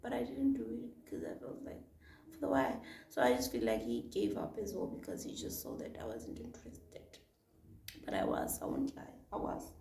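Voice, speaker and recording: A young woman, telling a personal story in a chatty, expressive vlog full of fillers. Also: extremely low pitch, moderate pace, creaky, far from the mic, slight background noise. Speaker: vlogger. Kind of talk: casual storytime chat. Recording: echoey room, voice off-mic.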